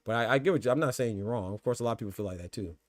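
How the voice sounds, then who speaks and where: Fast-talking stuffed-up male podcast host. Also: medium pitch, dry recording. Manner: rambling, repeats words, talks to chat. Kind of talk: casual boxing podcast chat.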